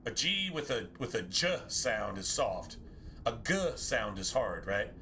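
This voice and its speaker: A game streamer, a man with a bright, forceful voice, rambles through a casual chat with his viewers. He muses aloud, corrects himself often and drops the odd swear word, with a faint hiss of noise behind him. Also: lowish voice, very animated, unhurried.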